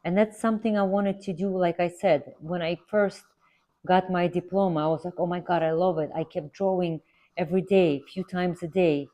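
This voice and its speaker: Low-voiced woman chatting while she draws. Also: steady tone, moderate pace, dark tone. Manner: rambling, earnest, repeats herself for emphasis. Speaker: art instructor. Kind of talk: casual chatty tutorial while drawing.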